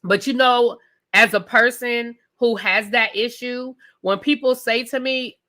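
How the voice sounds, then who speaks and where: A woman hosting a live TV review show, talking loudly and emphatically straight to her viewers in a casual rant. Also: a little high, steady tone, unhurried. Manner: loud, emphatic, talks straight to the audience.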